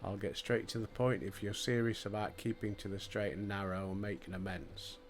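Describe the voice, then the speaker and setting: An older man with a Yorkshire accent voicing a smooth-talking leader who offers work, read plainly in his own gravelly voice. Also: fairly low pitch, fairly even intonation, normal speed, soft background music, natural voice. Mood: persuasive. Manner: reading game dialogue aloud in his own voice.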